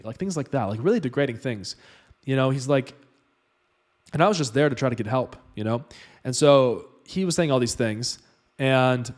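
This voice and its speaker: A man casually telling a personal story in a loose, chatty way, full of fillers. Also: medium pitch.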